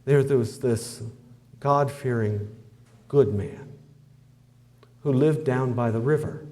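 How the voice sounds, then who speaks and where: Man for a folksy testimony, mellow, mid-pitched, homespun storyteller. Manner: homespun, conversational, with fillers and "I says". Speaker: testimony speaker.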